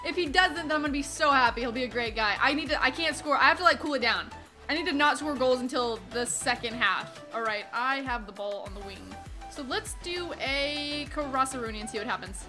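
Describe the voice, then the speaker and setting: A young woman hosting a gaming video, giving chatty, excitable casual commentary while she plays. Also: high voice, over music. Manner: chatty, excitable, quick asides.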